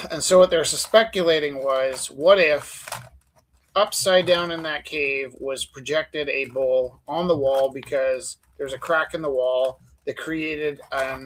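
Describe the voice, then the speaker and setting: A man's voice: on the high side, slow pace, slight background noise, low-quality recording. A man hosting a live art stream, chatting casually and telling rambling stories full of fillers while he draws. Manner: rambling storyteller, many fillers. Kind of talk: casual chat while drawing.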